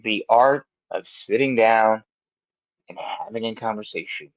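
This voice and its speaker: A man's voice: on the low side, a little slow, no echo, muffled recording. A man hosting a wrestling podcast in a studio, talking bluntly and mockingly with plenty of swearing. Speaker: podcast host. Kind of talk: casual chat.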